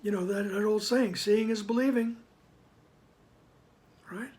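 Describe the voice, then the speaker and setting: Slow, deliberate man reading scripture-like text. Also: sits high, fairly even intonation. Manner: deliberate, drops to a soft whisper on some phrases. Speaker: spiritual text reader and teacher. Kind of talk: slow devotional reading with commentary.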